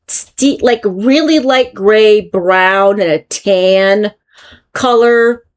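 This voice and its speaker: A woman's voice: medium pitch, a little mellow. An American woman hosting her own crochet channel, casually chatting through a yarn review and thinking aloud as she goes. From United States. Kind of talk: casual product review chat.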